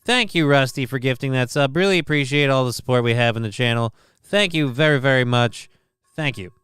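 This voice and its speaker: A man's voice: medium pitch, fairly quick, fairly bright tone, smooth, dry recording. A man streaming live, rambling through casual commentary, swearing and thanking viewers in chat. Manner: rambling, crude, reads out chat names.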